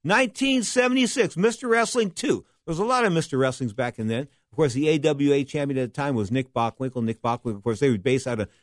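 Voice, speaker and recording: Middle-aged male host, casual rambling storyteller, mid-pitched voice, dry close sound. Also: fast talker, hardly any pauses, no echo. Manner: rambling, animated, stops to correct names. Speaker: wrestling history podcast host.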